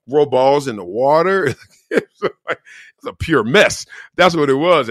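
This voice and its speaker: A man's voice: medium pitch, fairly bright tone, dry recording, clean studio sound. A middle-aged man hosting a casual sports show, talking in slang and acting out quotes in different voices. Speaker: host.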